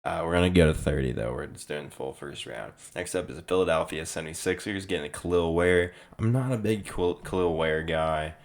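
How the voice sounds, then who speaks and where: Young male vlogger, deep and gravelly, voice fading and hoarse, rambling casual sports reaction. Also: fairly quick, hardly any pauses. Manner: rambling, restarts often, loose and offhand. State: losing his voice. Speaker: sports video host. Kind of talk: casual draft reaction commentary.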